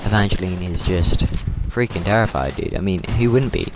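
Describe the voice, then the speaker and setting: Deep-voiced rambling man telling a story. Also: lively intonation, moderate pace, noisy background. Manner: rambling, repeats words, says dude a lot. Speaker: gaming channel host. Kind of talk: casual storytelling while gaming.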